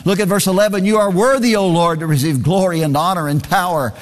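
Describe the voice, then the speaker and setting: A man's voice: high-pitched, fast, in a large hall. A man preaching a sermon, reading scripture aloud in a singsong cadence and repeating phrases for emphasis.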